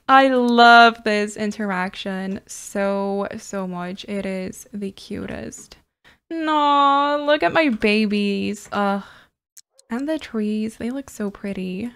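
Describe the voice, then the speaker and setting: A woman giving casual gameplay commentary, gushing and excitable, often squealing and laughing over cute moments. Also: mid-range voice, slow pace, clean tone. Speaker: gaming channel host.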